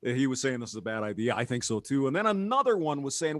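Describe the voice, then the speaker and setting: A man's voice: medium pitch, big pitch swings, fast talker, few pauses, fairly bright tone, no room sound. A man on a casual talk show, sounding incredulous and chuckling as he argues his point.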